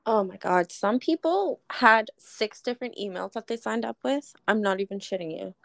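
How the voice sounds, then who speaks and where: A young woman co-hosting a casual podcast, ranting and swearing freely as she retells stories. Her voice has a gravelly, fry-laden edge at a middle pitch. The recording is close and dry, with no room sound. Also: normal speed, fairly bright tone, dry recording. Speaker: podcast co-host. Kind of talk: casual chat.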